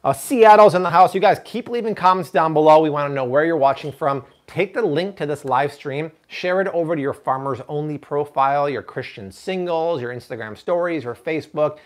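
A man's voice: fairly high pitch, a little fast, hardly any pauses. A man hosting a live cooking stream from a kitchen, chatty and full of jokes. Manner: animated, jokey, chatty. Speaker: cooking show host.

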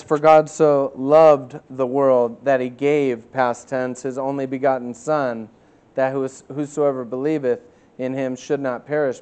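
A man preaching a sermon as pastor. He preaches emphatically, swinging from loud to quiet, and reads scripture slowly. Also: mid-range voice, smooth.

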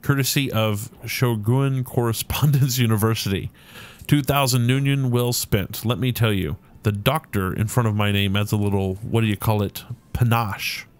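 A man voicing a rotund, balding male dwarf film producer who talks in a brash, pushy way with a rough put-on New York accent. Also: fairly low pitch, fairly even intonation, moderate pace, lightly acted.

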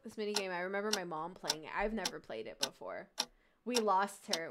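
A woman's voice: medium pitch, animated, normal speed, pauses often. A woman streamer giving casual commentary as she plays, chatty and swearing as she thinks aloud. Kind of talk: gameplay commentary. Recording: loud game music under the voice.

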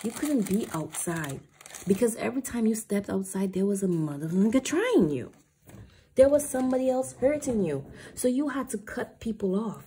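A woman's voice: mid-range voice, dark tone, a little hiss or hum. A woman giving an emphatic spiritual tarot reading to her viewers, preachy and casually profane. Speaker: tarot card reader.

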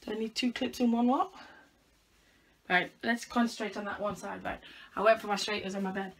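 A woman's voice: medium pitch, fairly even intonation, a little fast. A young woman chatting casually at home in a vlog, thinking aloud in a self-mocking, chatty way while she styles her hair. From United Kingdom. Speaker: vlogger.

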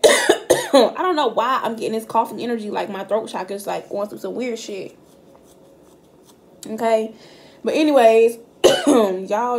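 A woman's voice: mid-range voice, a little hiss or hum. Blunt, foul-mouthed woman tarot reader. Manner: blunt and profane, addressing viewers directly. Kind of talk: casual direct-to-camera tarot reading. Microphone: camera mic.

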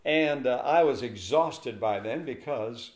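An older man, a pastor, recounts a story in an interview in an unhurried, medium-pitched voice. He is an animated storyteller who acts out the voices of the people in it. The recording carries room echo.

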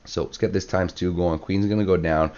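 A man with a very deep voice narrates a strategy game battle in relaxed play-by-play, voice worn hoarse and cracking. He fills gaps with "uh" and "um" and clears his throat often. The recording sounds a little muffled and lo-fi. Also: fairly quick. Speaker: clan war commentator. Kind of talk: gameplay commentary.

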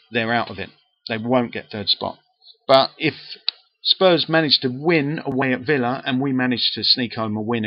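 A man chats to camera in a home vlog, opinionated and self-deprecating. His voice is mid-pitched and ordinary. The webcam sound is dry and a little dull and lo-fi. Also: breathy edge, no echo. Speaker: football fan vlogger. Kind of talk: casual talk to camera.

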